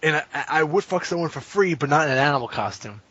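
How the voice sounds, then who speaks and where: Profane rambling man, slightly husky. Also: on the high side, quick pace, no room sound. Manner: profane, rambling storyteller, animated impressions. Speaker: podcast guest, fighting game player. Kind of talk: casual podcast chat. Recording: muffled lo-fi podcast audio.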